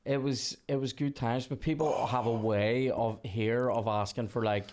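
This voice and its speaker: A man's voice: mid-range voice, fairly even intonation, darkish tone. A Northern Irish man hosting a casual podcast chat while playing a video game, swearing freely and telling gig stories. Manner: sweary, storytelling, quick asides. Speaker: podcast host.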